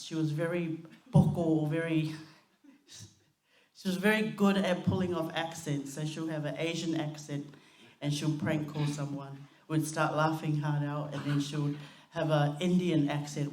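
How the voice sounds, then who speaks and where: A woman's voice: low voice, darkish tone. A woman giving a heartfelt, chatty eulogy for her cousin at a family funeral service. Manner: heartfelt, chatty, with fillers and laughter. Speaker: eulogy speaker, youngest sister. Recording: echoey hall.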